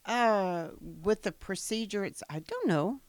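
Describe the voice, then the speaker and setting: A woman's voice: medium pitch, animated, slow, no echo. An older woman giving a patient testimony in a casual interview, answering hesitantly with fillers. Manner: hesitant, with fillers and small laughs.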